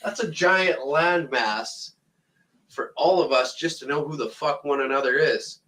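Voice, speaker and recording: A man's voice: on the high side, measured pace, fairly bright tone, rough recording. Foul-mouthed Canadian man ranting. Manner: angry, swearing constantly, blunt and mocking. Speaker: comedic ranter. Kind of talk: profane comedic rant to camera.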